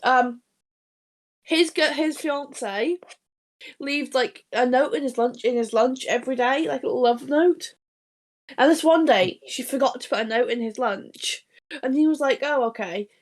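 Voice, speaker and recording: A woman co-hosting a casual podcast, her voice pitched a bit higher than most. She rambles through anecdotes full of false starts and laughter, and she swears freely. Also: measured pace. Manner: rambling, laughing anecdote-telling with many restarts. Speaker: podcast co-host. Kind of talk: casual chat.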